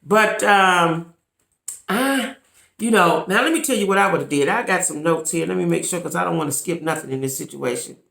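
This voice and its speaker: A woman's voice: fairly low pitch, lively intonation, normal speed, vocal fry, a bit bright, reverberant. A woman vlogging to camera in casual commentary, emphatic and repetitive, talking straight to her viewers. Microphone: camera mic.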